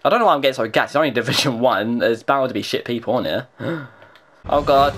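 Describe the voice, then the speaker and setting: A young man giving excitable, swearing live commentary on his own gameplay, talking to himself as he plays. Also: mid-range voice, quick pace, faint music behind. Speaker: gaming video creator.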